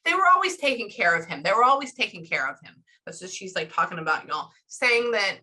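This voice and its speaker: Bright-voiced chatty woman. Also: medium pitch, very animated, low-quality recording. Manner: chatty, relaying messages in quick bursts. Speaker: medium. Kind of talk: casual reading session with clients.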